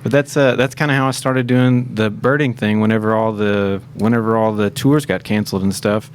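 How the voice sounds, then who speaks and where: A man, a podcast guest telling stories in a rapid, animated way, full of fillers and chuckles, recorded in a studio. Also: lowish voice, a little hiss or hum. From Tennessee, USA. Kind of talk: casual storytelling in a podcast interview.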